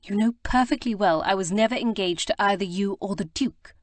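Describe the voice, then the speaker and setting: A woman's voice: mid-range voice, a little fast, no echo, lightly acted. A woman voicing a spirited, prim young Regency lady who speaks with emphatic, proper indignation. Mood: indignant.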